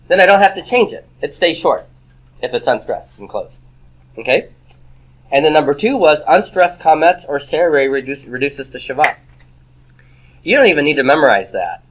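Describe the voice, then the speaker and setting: A man teaching a Hebrew grammar class in a classroom, lecturing and firing quick rhetorical questions at the students. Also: medium pitch.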